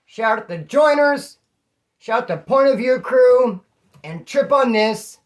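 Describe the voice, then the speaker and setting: A man from California with a slightly hoarse voice, casually telling rambling stories to his channel's viewers. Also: extremely high pitch, expressive, slow pace. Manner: slangy, rambling, calls listeners homeboy. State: throat issue, slightly hoarse. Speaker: vlogger. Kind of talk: casual storytelling to camera.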